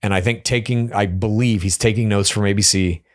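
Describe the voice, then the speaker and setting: A man hosting a casual reality show recap, chatty and opinionated, with quick asides. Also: lowish voice, fairly even intonation. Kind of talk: casual episode recap commentary.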